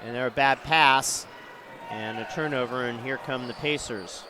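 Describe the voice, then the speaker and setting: A man calling live high school basketball play-by-play who gets louder on big plays. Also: slow pace, pauses often, background noise. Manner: rising excitement on big plays. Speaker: play-by-play announcer.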